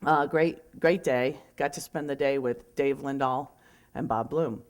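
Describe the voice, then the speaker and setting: A woman's voice: rumbling low, unhurried. A woman who speaks as a real estate speaker, telling a story in a chatty, rambling way, correcting herself and filling gaps with little words. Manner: chatty, rambling, self-correcting with many fillers. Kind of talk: casual storytelling.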